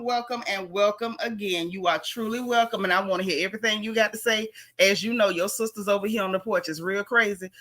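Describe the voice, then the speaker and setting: A woman from Florida, hosting a casual livestream and talking fast and sassily to her viewers. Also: on the high side, fairly bright tone. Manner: fast, sassy, talks straight to viewers. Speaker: livestream host.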